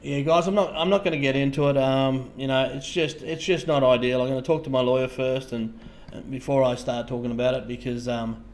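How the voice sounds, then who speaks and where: Halting Australian man on a livestream. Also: mid-range voice, steady tone. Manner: halting, repeats words, trails off softly. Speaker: livestream host. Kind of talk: casual livestream chat, answering viewers.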